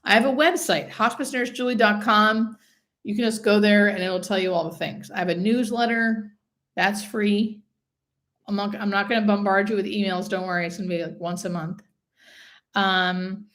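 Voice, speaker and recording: A woman's voice: mid-range voice, a bit bright. A woman, a hospice nurse, hosting a casual live stream, chatting and reading out viewer comments.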